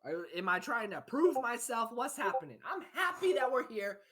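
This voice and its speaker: A woman's voice: sits high, lively intonation, a little slow, bright, forceful tone, breathy edge, voice pushed up, exaggerated voice. A woman voicing a cheerful traveling male singer who boasts and chatters. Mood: boastful.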